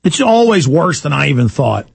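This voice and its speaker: Gravelly ranting male radio host. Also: sing-song, normal speed, no echo. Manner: ranting, repetitive, with sudden emphatic pitch jumps. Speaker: radio talk show host. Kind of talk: call-in talk radio monologue.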